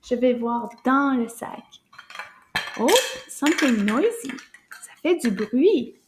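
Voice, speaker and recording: High, slow-speaking cheerful woman teacher. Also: lively intonation, slight background noise. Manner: cheerful and encouraging, repeats words slowly and clearly; drops into hushed whispers for surprises. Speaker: French teacher for children. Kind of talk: children's language lesson.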